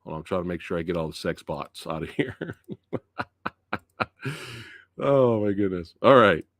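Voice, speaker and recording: A man's voice: low-pitched, lively intonation, moderate pace, fairly bright tone, no room sound. A man hosting a live movie review stream, chatting loosely and laughing often as he talks. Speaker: movie review channel host.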